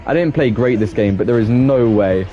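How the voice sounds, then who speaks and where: A young man streaming a game, chatting loosely with his viewers and getting quickly exasperated at teammates, with many restarts. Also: mid-range voice, dark tone, lo-fi sound, faint music behind. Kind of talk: casual live-stream chat while gaming.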